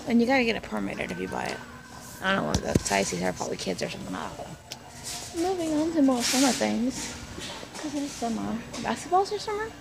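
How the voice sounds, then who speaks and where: Woman vlogger, rambling and jokey; heavy vocal fry, loud store noise behind. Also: on the high side. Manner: chatty, rambling, jokey asides. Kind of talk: casual store walkthrough vlog. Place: big retail store, indoors. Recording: noisy store background.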